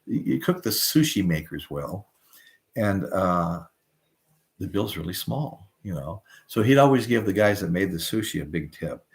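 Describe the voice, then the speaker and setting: Drifting off topic as he spins rambling stories, an older host of a live music show chats casually and reads viewer comments aloud. He speaks at a moderate pace in a low, sing-song voice.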